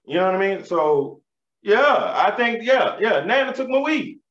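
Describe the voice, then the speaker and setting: A man in his thirties doing stand-up comedy, telling animated, profane stories in street slang. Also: sits high, moderate pace. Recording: roomy, slightly dull live recording.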